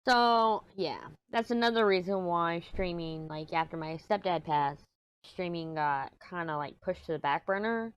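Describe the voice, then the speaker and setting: A woman with a fairly low voice talks in a casual, rambling vlog, sounding agitated and frustrated as she vents. She records alone in a small room at home. The sound is dry and close, with no room echo. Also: animated, normal speed, smooth. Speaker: crafting vlogger.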